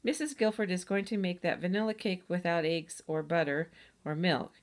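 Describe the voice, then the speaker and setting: A cheerful, playful young girl from a children's storybook, voiced lightly by a woman reading aloud. She speaks eagerly and likes to joke, in a slightly low voice. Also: normal speed, lightly acted.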